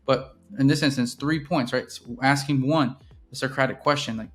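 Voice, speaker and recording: A man's voice: medium pitch, fairly even intonation, normal speed. A man walking through his sales process in a casual teaching style, keeps checking in with "right?". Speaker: real estate business owner teaching sales. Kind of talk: casual instructional walkthrough.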